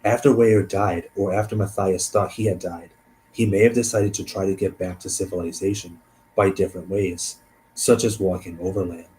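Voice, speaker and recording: Casual low-voiced man reading a case. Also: steady tone, moderate pace, a little mellow, slight background noise, low-quality recording. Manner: thinks aloud, trailing off and restarting. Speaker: host.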